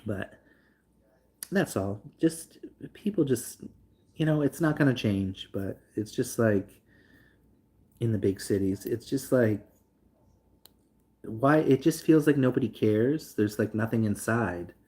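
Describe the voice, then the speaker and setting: A man's voice: lowish voice, lively intonation, takes it slowly, pauses often, a little mellow. A young man talking loosely to his live stream audience, rambling with lots of fillers and reading chat aloud. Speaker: livestream host.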